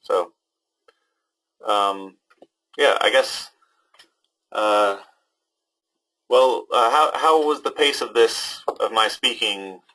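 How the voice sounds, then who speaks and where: A young man runs a webinar for students, reading their questions and answering in a loose, unscripted way. He hesitates often, filling gaps with ums and starting sentences over. His voice sits a little low and comes through a computer microphone. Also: very slow, long pauses, bright, forceful tone, low-quality recording. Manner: hesitant, many ums and restarts. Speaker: online class instructor. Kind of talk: casual webinar talk to students.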